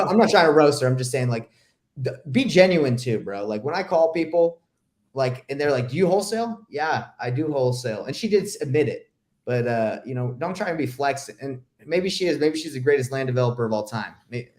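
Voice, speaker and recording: A man's voice: mid-range voice, expressive, fairly quick, a little mellow. A man hosting a casual coaching call over video, talking bluntly and emphatically and calling his listeners bro. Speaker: real estate investing coach hosting a call.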